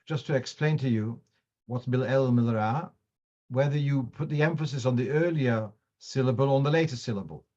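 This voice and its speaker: A man's voice: medium pitch, a little fast, warm tone, lo-fi sound. A man teaching a class on Jewish law, explaining patiently with examples and mixing Hebrew and Yiddish terms into his English. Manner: explanatory, digressive, uses examples.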